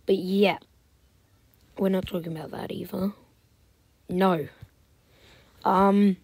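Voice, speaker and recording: Husky woman whispering asides while gaming. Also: medium pitch, slow pace, long pauses, no room sound. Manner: swings between loud protests and whispered asides. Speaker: gaming commentator. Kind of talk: casual game commentary.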